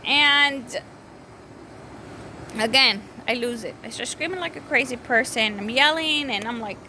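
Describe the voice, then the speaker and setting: This woman's pitch is fairly high and her delivery a little slow, with background noise in the clip. In her thirties, she tells a rambling, self-correcting story about her week at home for a casual vlog, pausing to scold the small children audible nearby.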